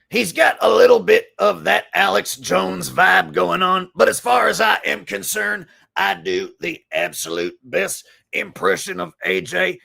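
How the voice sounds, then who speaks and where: A man doing an impression of a raving male conspiracy radio host, growling and shouting his rants. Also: high voice, vocal fry, breathy edge, voice pushed up, exaggerated voice.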